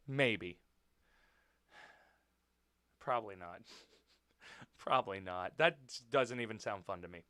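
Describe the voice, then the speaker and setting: High-voiced dude on a stream, bright and clean, swearing and rambling with chat. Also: male voice, clear, resonant tone, no room sound, studio quality. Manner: rambling, profane, jokey. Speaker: wrestler hosting a livestream. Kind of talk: casual livestream chat reading comments.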